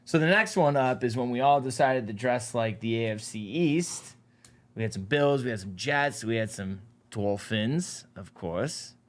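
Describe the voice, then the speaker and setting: A man's voice: medium pitch, a little slow. A man hosting a talk show in a studio, chatting casually in an upbeat, hype-man manner. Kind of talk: casual chat.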